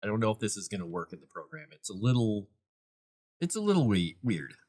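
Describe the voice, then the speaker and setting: Low, lively-voiced man thinking aloud. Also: a little fast. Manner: thinks aloud while working, chats to viewers and his cat. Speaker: author and live-stream host. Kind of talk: casual live-stream commentary.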